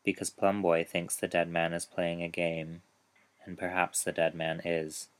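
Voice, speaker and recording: A man with a very low, even voice reads a grim story aloud. He takes it slowly and keeps the telling measured, with little rise and fall. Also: clear, resonant tone. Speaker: author reading his story. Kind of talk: narrated story reading.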